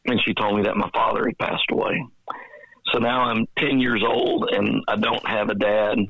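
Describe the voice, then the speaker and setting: A man's voice: lowish voice, steady tone, moderate pace, gravelly, a bit bright, no room sound, dull audio. A Texan man in his fifties, a nonprofit executive director, earnestly telling his life story in a podcast interview. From Dallas, Texas. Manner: earnest, reflective storyteller who acts out past dialogue.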